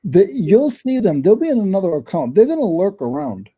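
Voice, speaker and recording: A man's voice: high voice, sing-song, brisk, warm tone, breathy edge. A man chatting casually in an online hangout, earnest, often repeating his words. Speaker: reseller channel host. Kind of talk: casual chat.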